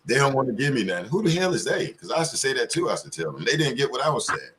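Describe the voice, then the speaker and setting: A man's voice: mid-range voice, big pitch swings, very fast, background noise. A man in casual panel talk, telling loose, profane stories full of slang. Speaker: community panelist.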